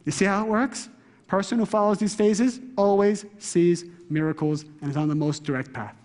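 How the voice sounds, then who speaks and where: A man giving an animated, interactive lecture to a live class, asking the room questions and shifting his voice often. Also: high-pitched, normal speed, in a large hall. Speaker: spiritual teacher.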